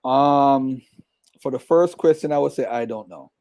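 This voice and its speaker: Man, call-in show host, playful, measured answers, warm mellow voice. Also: medium pitch. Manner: lively and playful with callers, then measured. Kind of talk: live-stream call-in talk.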